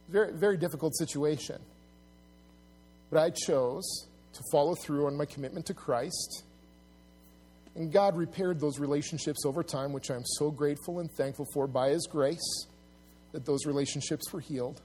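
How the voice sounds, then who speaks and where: A male pastor with a somewhat high voice delivers his sermon in an earnest, conversational way. He stops and restarts his phrases often as he works through his points. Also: moderate pace, husky. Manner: earnest, restarts often, rises loud and high when acting out mockers.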